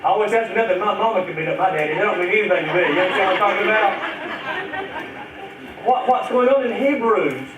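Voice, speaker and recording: A man's voice: high voice, quick pace, over a noisy crowd, very noisy. A man preaching a sermon to children and parents, speaking earnestly and drawing out key phrases. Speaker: pastor. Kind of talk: sermon to a church congregation. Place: church sanctuary. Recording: echoey church recording from far off.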